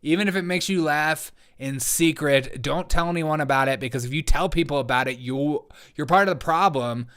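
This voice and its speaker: A man's voice: fairly high pitch, moderate pace, few pauses, a bit bright, clean tone. A man in his forties hosting a comedy commentary show, reacting to chat with jokey, sarcastic asides. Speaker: host.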